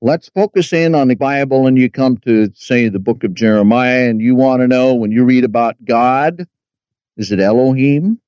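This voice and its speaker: A man teaching a Bible study lesson, speaking deliberately and spelling words out letter by letter. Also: mid-range voice, a little mellow, smooth, no room sound, lo-fi sound.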